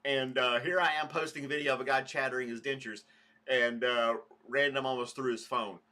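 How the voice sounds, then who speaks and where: A man's voice: mid-range voice, fairly even intonation, a little fast, bright, forceful tone. A man hosting a casual morning livestream podcast, rambling chattily and greeting viewers by name. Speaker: podcast host.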